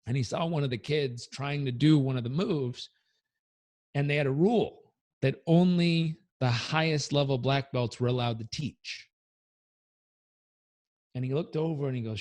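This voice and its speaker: His pitch is medium and his pace a little fast. He's a motivational coach telling a story in an interview, lively and animated, acting out the characters conversationally.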